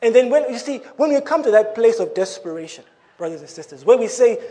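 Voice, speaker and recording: High-voiced preacher. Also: male voice, fast talker. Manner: animated, with laughing asides. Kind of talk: sermon.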